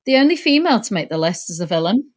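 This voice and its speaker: A woman's voice: medium pitch, sing-song, fast, darkish tone. A woman co-hosting a podcast in casual chat, blunt and given to explaining her reasons at length. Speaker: podcast co-host.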